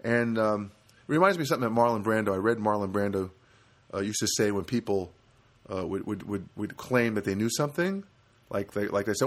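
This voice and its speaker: A man's voice: fairly low pitch, fairly quick. A man in his fifties rambling through a wry personal monologue, with lots of fillers and restarts.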